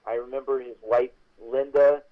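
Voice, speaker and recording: An older man, a veteran actor, telling stories as an interview guest in a chatty, animated way with many restarts. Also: mid-range voice, moderate pace, muffled recording. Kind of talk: interview storytelling.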